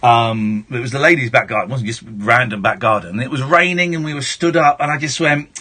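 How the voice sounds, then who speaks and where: A middle-aged man hosting a late-night phone-in radio show, switching from shouty mock outrage to soft reflection. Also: medium pitch, brisk. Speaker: radio talk show host.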